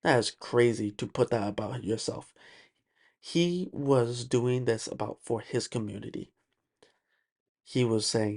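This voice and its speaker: A man talks alone on his own podcast, pushing his points hard and circling back with repeated words and fillers. His voice sits at a middling pitch with a strong gravelly edge. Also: a little slow, pauses often, a little mellow. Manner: emphatic, ranting, repeats words and uses many fillers. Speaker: podcast host. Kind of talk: solo podcast monologue.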